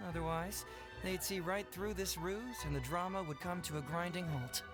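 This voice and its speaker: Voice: mid-range voice, normal speed, close to an everyday voice. A voice actor playing a cunning, teasing young male detective in a video game. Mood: scheming. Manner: sly, playful, persuasive. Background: game music.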